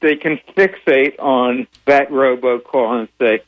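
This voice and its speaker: An older man as a radio interview guest, answering in a measured way with many pauses and a dry humor. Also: mid-range voice, muffled recording. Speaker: guest, founder of a secular advocacy group.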